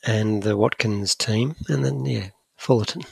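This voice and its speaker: A man's voice: medium pitch, animated, moderate pace, vocal fry, dry recording. A Scottish man co-hosting a podcast, chatting casually in a rambling, joking and self-deprecating way. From Scotland. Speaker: podcast co-host. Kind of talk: casual chat.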